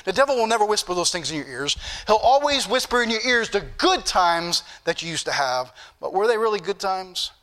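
A man's voice: high voice, sing-song, a little fast, few pauses, sharp tone. A man preaching a fervent sermon, repeating phrases and calling out to the brethren. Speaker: pastor.

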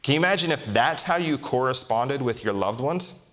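A pastor's medium-pitched voice is animated and a bit bright as he reads scripture slowly and deliberately during his sermon. He turns to the congregation with conversational rhetorical questions.

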